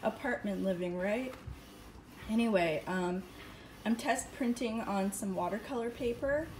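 A woman artist chatting casually in a home vlog, excitable and full of fillers, recorded on a phone in an apartment. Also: mid-range voice, a little slow, background noise. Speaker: artist vlogger.

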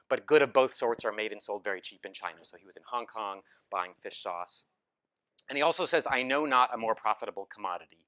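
A man's voice: medium pitch, pushed and bright. A man giving a lecture with slides, telling it as a story in a casual way, with many ums and restarts. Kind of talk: academic talk with slides. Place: lecture hall.

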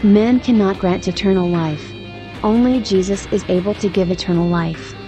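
A woman narrates a religious testimony with earnest exhortation, her tone mellow and warm. Soft music plays faintly behind her. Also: medium pitch, normal speed.

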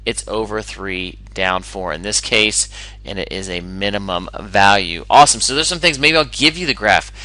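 Male math teacher, bright and sharp tone, dry close recording, upbeat step-by-step explainer. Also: lowish voice, moderate pace, no room sound, low-quality recording.

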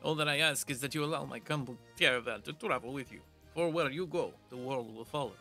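A man's voice: fairly high pitch, fast talker, sharp tone, faint music behind. A man voicing a flowery, boastful male weaponsmith in a game, speaking in a formal, theatrical way. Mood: grandiose. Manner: theatrical, formal old-fashioned speech.

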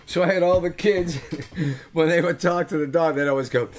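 A man's voice: high voice, animated, takes it slowly, gravelly, darkish tone, slightly rough. An older man, a musician hosting a webcast, telling rambling, joking, earthy stories between songs. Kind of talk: casual storytelling between songs.

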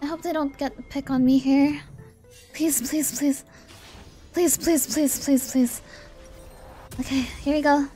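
A young woman streaming a game, chatting casually and reacting excitably, pleading and cheering as the match goes. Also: high-pitched, unhurried, pauses often, faint music behind. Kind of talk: live gameplay commentary.

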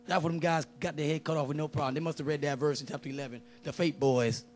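Male preacher with a high pitch and a loose, animated style that keeps cracking jokes while he preaches. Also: fast talker, slight background noise. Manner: animated, joking, conversational street-style preaching. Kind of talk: lively sermon.

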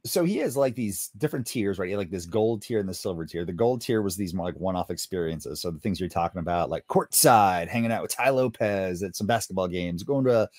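A man's voice: low voice, expressive, a little fast, few pauses, a little mellow, no room sound. A man co-hosting a podcast in casual chat, explaining things in an upbeat way. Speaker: podcast co-host.

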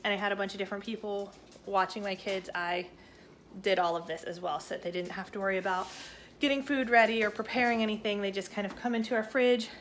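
A woman's voice: medium pitch, fairly even intonation, fast, a bit bright, slight background noise. A young adult woman chatting casually at home about her plans, rambling with lots of fillers. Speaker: family vlogger and mother. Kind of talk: casual chat to camera. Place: living room sofa at home.

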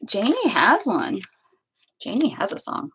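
A woman's voice: mid-range voice, wildly swooping pitch, a little slow, a bit bright, breathy edge, rough recording. A woman hosting a crafting livestream, chatting casually to herself and her viewers as she stamps, with playful sing-song asides. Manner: chatty, talks to herself and to live chat, playful made-up sing-song bits.

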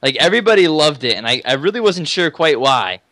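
A man's voice: fairly high pitch, sing-song, fairly quick, bright, forceful tone, dry recording, studio quality. A man chatting casually and joking with friends while playing an online game. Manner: laughing, joking banter. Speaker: gamer. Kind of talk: casual gaming chat.

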